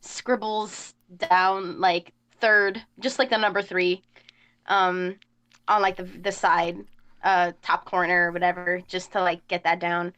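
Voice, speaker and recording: A woman's voice: fairly low pitch, level tone, slow pace, a bit bright, smooth. A woman player in a tabletop game who rambles with many fillers. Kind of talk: casual tabletop game play.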